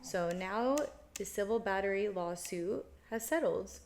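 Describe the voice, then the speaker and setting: A young woman co-hosting a casual podcast as a law student, relaxed and agreeable in her talk. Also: mid-range voice, unhurried, a little hiss or hum.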